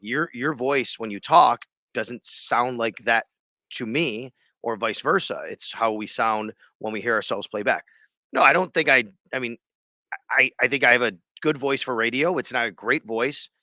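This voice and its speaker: A man's voice: medium pitch, normal speed, bright, forceful tone, dry recording. A man hosting a sports podcast, also a radio host, who talks in a rambling, loose, conversational way. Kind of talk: casual sports podcast chat.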